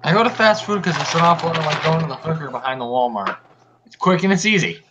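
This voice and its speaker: A man's voice: on the high side, animated, quick pace. A man from upstate New York bantering crudely and mockingly, joking brashly and laughing easily. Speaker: podcast co-host. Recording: lo-fi voice call with faint noise.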